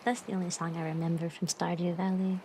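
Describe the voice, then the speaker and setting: A woman's voice: fairly low pitch, level tone, fast, mellow, slight background noise, low-quality recording. A woman streamer chatting casually and bubbly with her live chat, greeting viewers and giggling often.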